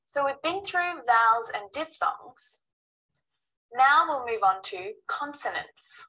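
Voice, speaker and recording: A woman's voice: high voice, animated, sharp tone, distant mic, rough recording. A woman teaching an English pronunciation lesson, carefully sounding out each consonant. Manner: slow, careful sounding out of letters.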